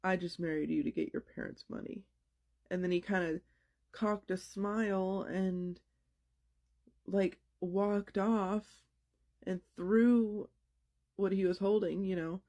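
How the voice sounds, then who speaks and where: A woman's voice: medium pitch, mellow. A woman casually retelling an eerie dream, rambling and filling her talk with "like". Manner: rambling, heavy use of "like". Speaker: storyteller. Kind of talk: casual retelling of a paranormal experience.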